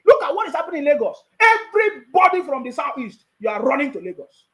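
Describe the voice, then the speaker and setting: Nigerian male political vlogger with a high voice who fires off taunting rhetorical questions. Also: big pitch swings, fast. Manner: mocking, rhetorical questions, frequent laughter. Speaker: political commentator. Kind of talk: political commentary vlog.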